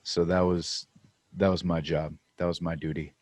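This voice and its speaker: A man's voice: deep voice, flat delivery, normal speed, a little mellow, no echo. A man co-hosting a podcast, telling laid-back stories in casual chat. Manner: laid-back storytelling, says "dude". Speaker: podcast co-host.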